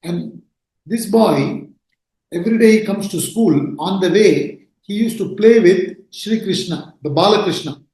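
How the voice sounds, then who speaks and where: A man's voice: high-pitched, a little slow, warm tone. A man giving a spiritual discourse on scripture, earnest and emphatic, and he often asks rhetorical questions. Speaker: spiritual teacher. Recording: very echoey room.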